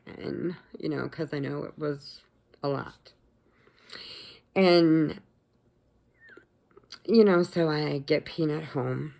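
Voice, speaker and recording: A middle-aged woman vlogging, casually telling a story to the camera in an animated, emotional way and acting out what others said. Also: deep voice, creaky. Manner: animated, emotional retelling, acts out quotes, laughs often.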